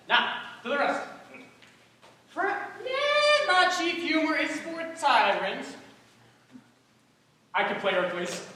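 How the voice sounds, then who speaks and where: A man playing a boastful, hammy weaver on stage, loud and showy, eager to play every part. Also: very high-pitched, a little hiss or hum, exaggerated voice. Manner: loud, showy, swooping delivery. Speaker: stage actor. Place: theater stage. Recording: echoey stage from far off.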